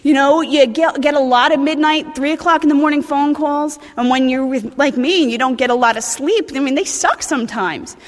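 A woman's voice: high-pitched, fairly quick, few pauses, in a large hall. A woman in her thirties with a New Jersey accent, speaking bluntly and animatedly at a recovery meeting, swearing and restarting her sentences. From New Jersey, USA. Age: 30s.

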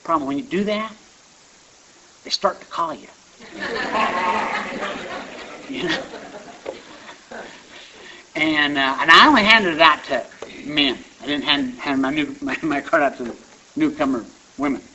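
A man speaks at a recovery meeting, circling his points with restarts and chatty asides. His voice sits a little high and sounds bright and forceful. The recording is dull and lo-fi, with a faint hiss underneath. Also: a little slow, long pauses. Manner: conversational, rambling with restarts and asides. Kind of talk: personal testimony talk.

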